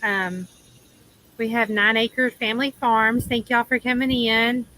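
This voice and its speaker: Bright-voiced chatty Southern woman. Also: a little high, fairly even intonation, unhurried, slight background noise, rough recording. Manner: chatty, laughing, trailing off with ums. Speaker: livestream host. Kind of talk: casual livestream chat. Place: outdoors in the shade under an awning.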